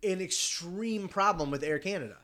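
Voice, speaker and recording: A young man casually telling a travel story, animated, swearing and acting out the other people in it. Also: sits high, moderate pace. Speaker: podcast regular telling a story.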